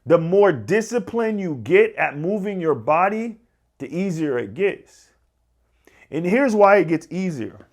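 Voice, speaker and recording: A man's voice: high-pitched, big pitch swings, unhurried. A man talking as a fitness coach, giving an emphatic, repetitive motivational talk to camera.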